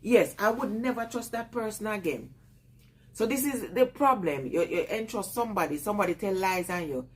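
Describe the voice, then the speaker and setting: A woman's voice: mid-range voice, animated, normal speed, husky. A woman with a Jamaican accent chatting casually on a live stream, greeting viewers and laughing often.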